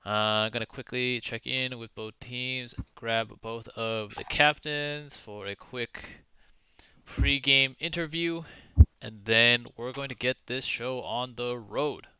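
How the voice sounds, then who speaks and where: A man hosting a casual online esports broadcast, lively and joking, often laughing as he interviews team captains. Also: mid-range voice, slow, clear, resonant tone, highs cut off. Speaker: esports caster and host. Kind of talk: casual streamed esports commentary.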